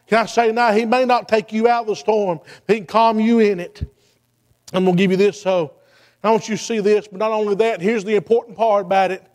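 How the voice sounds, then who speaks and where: High-pitched preacher, "uh, hey" cadence. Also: male voice, steady tone, a little fast. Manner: chanting preacher cadence with frequent "uh, hey" fillers; builds to shouted exhortation. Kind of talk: sermon.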